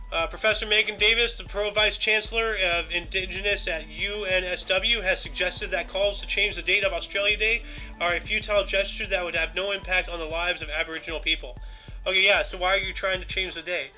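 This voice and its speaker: A man's voice: sits high, sharp tone. A man co-hosting a casual news-commentary podcast, rambling with lots of "you know" and "like" fillers. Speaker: podcast co-host.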